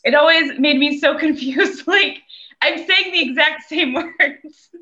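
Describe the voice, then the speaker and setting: A woman chatting casually in a group, telling a quick, bemused anecdote. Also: sits high, bright, forceful tone. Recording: dull, muffled audio.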